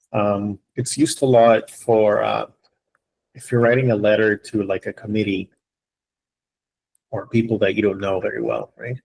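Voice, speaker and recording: A man's voice: fairly low pitch, gravelly, a little mellow, breathy edge, poor audio. A man teaching an online English class, explaining patiently step by step and often checking in with his students. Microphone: computer mic on a video call.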